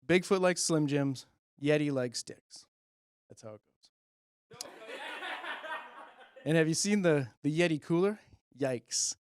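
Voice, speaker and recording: Rambling New comedian, a bit high. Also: male voice, takes it slowly, pauses often, background noise. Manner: rambling, self-amused, chuckling asides. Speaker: comedian host. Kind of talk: stand-up comedy monologue. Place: public-access studio. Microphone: handheld mic.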